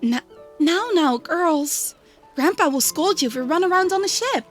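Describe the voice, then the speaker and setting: A gentle young teacher, as a woman reads her part in a story game. She speaks softly and courteously with a high, lively voice and an unhurried delivery. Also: soft background music. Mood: polite. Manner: soft, courteous, apologetic.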